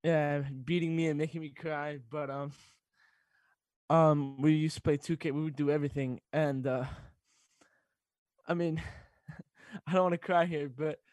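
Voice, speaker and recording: A teenage boy, a student radio sports director, talks on air while fighting back tears, halting and laughing. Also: fairly high pitch, fairly even intonation, darkish tone, no echo. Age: teens. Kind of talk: emotional casual chat on radio.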